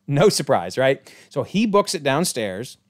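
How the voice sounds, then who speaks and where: A man's voice: mid-range voice, very animated, unhurried. A man giving a casual, enthusiastic episode breakdown, chatty and often correcting himself mid-sentence. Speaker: YouTube show recapper.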